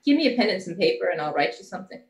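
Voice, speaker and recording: A woman voicing a gruff, grumbling village woman who wants to be left in peace, ending lines with a clipped "eh". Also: mid-range voice, very animated, rapid-fire.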